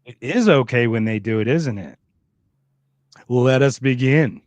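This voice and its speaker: A man co-hosting a podcast in casual chat, excitable and sarcastic, swearing often. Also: mid-range voice, a little slow, no echo. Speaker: podcast co-host.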